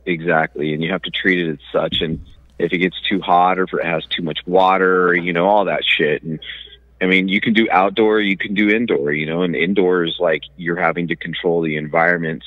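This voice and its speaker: Deep-voiced man on a dull phone line. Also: fairly even intonation, brisk, no echo. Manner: explanatory, laid-back. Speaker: radio host calling in. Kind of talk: casual chat.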